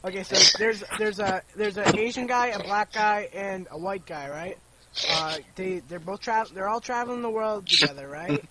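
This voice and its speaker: An excitable man loudly rambling through a joke as a gameplay commentator. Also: high-pitched, moderate pace, a crowd in the background. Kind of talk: casual joke-telling.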